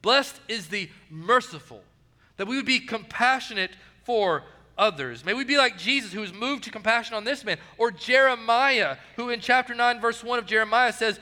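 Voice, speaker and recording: This sermon comes from a male pastor whose voice is high and bright, moving at a moderate pace. Earnestly, he repeats key phrases and goes soft and low for quotations, all echoing in a reverberant church hall.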